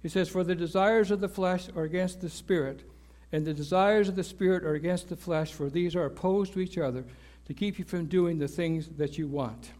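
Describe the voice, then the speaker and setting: A man's voice: sits high, brisk, a little mellow. A man preaching a conversational sermon, repeating key words for emphasis and checking in with his listeners. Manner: conversational teaching, checks in with "right?" and "okay?". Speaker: pastor.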